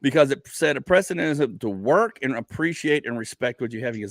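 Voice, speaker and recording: Animated rambling male comedian. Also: fairly high pitch, a little fast, hardly any pauses, no room sound. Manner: animated storytelling, rambling with many restarts and swearing. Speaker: comedian and podcast host. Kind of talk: casual podcast chat.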